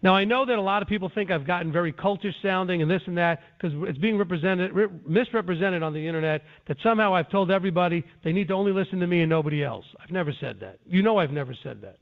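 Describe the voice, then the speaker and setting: A Bible teacher with a high voice talks fast, hardly pausing, over a tinny phone line. Teaching scripture on a conference call, he lectures earnestly and defensively, restarting often.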